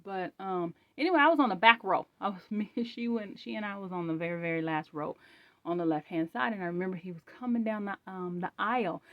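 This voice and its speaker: A woman hosting her own channel, sharing a spoken faith testimony in a rambling, animated way with many restarts. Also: mid-range voice, fast, no room sound, lo-fi sound.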